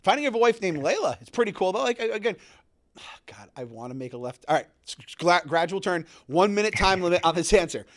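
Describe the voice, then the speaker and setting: A man co-hosting a podcast, talking in a rambling, animated way with many restarts. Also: high voice, fast. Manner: rambling, self-interrupting, animated. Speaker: podcast co-host. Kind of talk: casual podcast chat.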